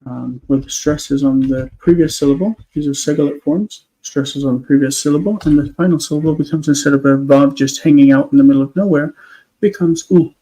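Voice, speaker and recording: A man's voice: fairly high pitch, brisk, dark tone, poor audio. A man on a live stream, explaining word forms step by step, thinking aloud with many fillers. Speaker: Hebrew teacher.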